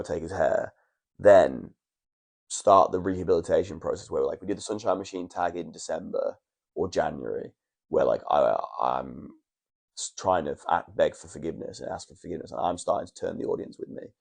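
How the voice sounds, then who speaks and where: A man's voice: low voice, moderate pace, gravelly, a little mellow. A young man, a wrestler, telling long stories in a casual podcast chat in a hotel room, with restarts and swearing. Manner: rambling storytelling, frequent restarts and swearing.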